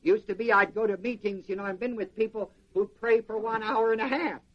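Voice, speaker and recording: A man preaching a sermon in an animated way, quizzing the congregation with questions. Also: high voice, brisk. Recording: dull lo-fi sermon recording.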